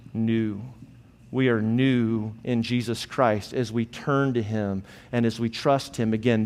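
A male pastor preaching an earnest sermon, slowing down deliberately on key phrases. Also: mid-range voice. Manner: earnest, measured, slows for emphasis. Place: church sanctuary. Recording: long hall reverb in a church.

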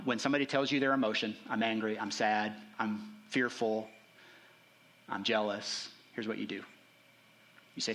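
A man preaching a sermon as a pastor, conversational and checking in with the congregation, rising for emphasis and dropping low for asides. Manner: conversational, frequent "right?" check-ins; rises in pitch and intensity for emphasis, drops low and quiet for asides.

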